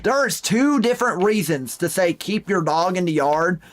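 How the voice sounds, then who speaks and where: A man's voice: high-pitched, expressive, moderate pace, faint music behind. A young man streaming a hunting game, chatting casually and reading viewer messages aloud with folksy exclamations. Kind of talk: casual live-stream commentary.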